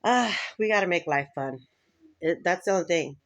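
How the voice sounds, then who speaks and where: A woman's voice: fairly low pitch, animated, normal speed, a bit bright. A woman vlogger talking in a rambling, casual chat to camera, laughing often between thoughts.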